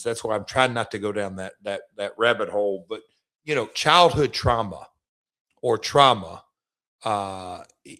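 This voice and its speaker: A man's voice: lowish voice, a bit bright. A middle-aged man, hosting a chat show and telling stories in a rambling way, full of restarts and stammers. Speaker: podcast host, former wrestler. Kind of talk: casual storytelling chat.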